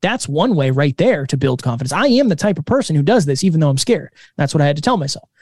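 Energetic man telling a story. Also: on the high side, quick pace, no echo, clean studio sound. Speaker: podcast co-host, interview guest. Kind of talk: casual storytelling interview.

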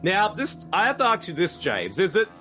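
An Australian man co-hosts a casual watch-along podcast, chatty and quick to laugh. His voice sits a little high and moves animatedly up and down. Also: wildly swooping pitch, pushed and bright, soft background music. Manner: chatty, joking, laughs often. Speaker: podcast co-host.

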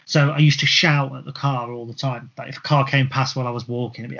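A man co-hosting a football podcast, telling a story in an animated, casual way with some swearing. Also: medium pitch, quick pace, vocal fry. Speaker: podcast co-host. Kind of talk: casual chat. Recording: slightly dull lo-fi sound.

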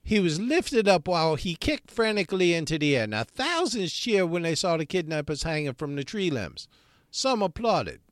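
Guy on a podcast, kinda high voice, bouncy delivery, crude jokes, dry sound. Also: normal speed, no echo. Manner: crude, joking, animated storyteller. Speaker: podcast co-host. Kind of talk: casual chat, storytelling.

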